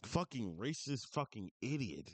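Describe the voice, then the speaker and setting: A man's voice: medium pitch, very animated, measured pace, no echo. A man streaming reaction commentary, ranting with profane, berating incredulity into a close mic.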